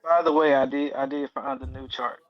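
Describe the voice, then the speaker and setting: A man's voice: medium pitch, fairly even intonation. A man co-hosting a casual anime podcast, reading off a ranked list item by item. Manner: reads off a list in quick items. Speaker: podcast co-host. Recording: dull lo-fi mic.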